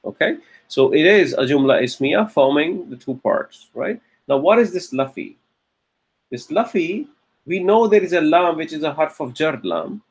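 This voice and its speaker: A man teaching Arabic grammar in a classroom lecture, patiently checking in with frequent "okay?" and slowing down to stress key terms. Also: on the high side, husky.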